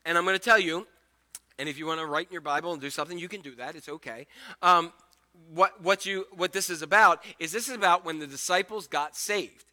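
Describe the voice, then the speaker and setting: Guy preaching a sermon, super bright and fairly high voice, chatty and lively. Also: brisk. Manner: conversational and animated, acting out the scripture scenes. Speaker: pastor.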